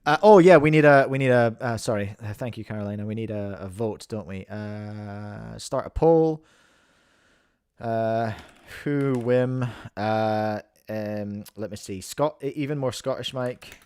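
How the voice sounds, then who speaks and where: A man's voice: on the low side, unhurried, darkish tone, smooth, no echo. A man with a New Zealand accent hosting a livestream, giving playful, rambling mock sports commentary and mocking himself. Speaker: host and commentator.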